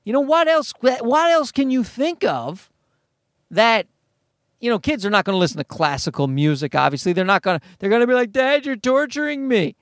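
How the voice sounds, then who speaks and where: Profane rambling podcast host, lively pitch. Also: male voice, fairly quick, no room sound, clean studio sound. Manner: profane, rambling, self-mocking. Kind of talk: casual solo podcast monologue.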